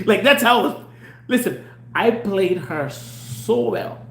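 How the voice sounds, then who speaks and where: A man's voice: sits high, slow. A Kenyan man hosting a show, telling a story casually and acting out the dialogue, slipping into Swahili slang. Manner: animated, mixes English and Swahili slang, acts out dialogue. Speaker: show host. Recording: echoey room with faint hum.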